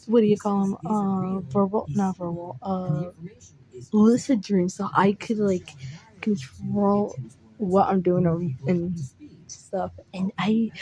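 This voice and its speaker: Young woman vlogging, slow and rambly, mellow soft voice, lots of "like". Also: medium pitch, low-quality recording. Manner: rambling, heavy use of "like", frequent restarts; emotional, recounting dreams. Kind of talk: casual storytelling.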